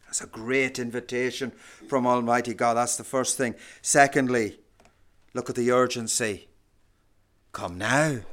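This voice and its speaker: A man preaching a sermon, slow and emphatic, swinging from hushed lines to loud ones. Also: medium pitch.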